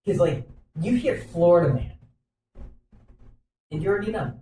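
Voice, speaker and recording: A man's voice: high voice, animated, warm tone. Giggly man heard from across an echoey room. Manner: jokey, giggly, quick to laugh. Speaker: podcast co-host. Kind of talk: casual banter. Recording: echoey room, mic far away, noisy.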